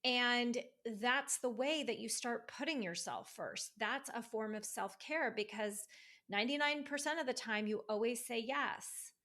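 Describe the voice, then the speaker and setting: A woman speaking as a divorce recovery coach in a casual podcast conversation, emphatic and animated, acting out quoted voices. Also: fairly high pitch. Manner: emphatic, fired up.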